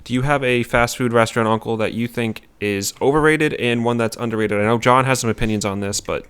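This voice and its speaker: A man's voice: mid-range voice, a little fast, a bit bright, clean tone. A man hosting a casual podcast chat, rambling and often restarting his sentences. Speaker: podcast host.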